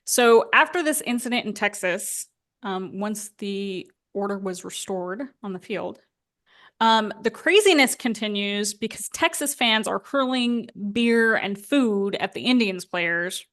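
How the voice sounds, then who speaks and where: A woman's voice: medium pitch, lively intonation, measured pace, fairly bright tone. A woman in her thirties co-hosting a podcast, telling a story in a chatty, casual way and laughing along. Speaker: podcast co-host.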